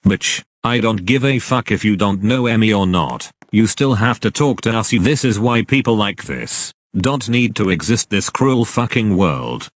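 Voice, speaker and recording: Angry, profane storytime narrator; lower male voice. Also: expressive, measured pace, hardly any pauses.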